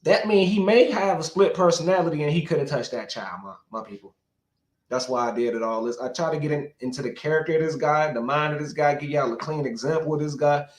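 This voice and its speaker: A man rants through a livestream with a heated, profane delivery, talking straight to his viewers. His voice sits a little high for a man. The recording is echoey, with a roomy sound. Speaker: livestream commentator. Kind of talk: rambling livestream commentary.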